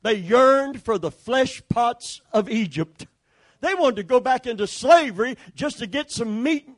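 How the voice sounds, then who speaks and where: A man's voice: extremely high pitch, expressive, measured pace. A man pastor preaching a sermon with emphatic repetition and calls for the congregation to respond.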